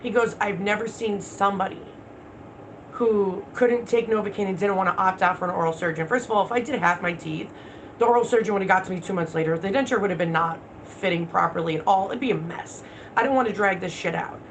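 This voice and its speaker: A woman's voice: mid-range voice, a little fast, slight background noise, poor audio. Blunt, swearing woman livestreaming. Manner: blunt, profane, talks back to viewer comments. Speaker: livestream host. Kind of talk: casual livestream chat.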